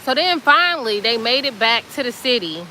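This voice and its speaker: A woman host telling a story in a casual, chatty way, animated and colloquial with plenty of fillers. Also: on the high side, moderate pace, slight background noise, poor audio.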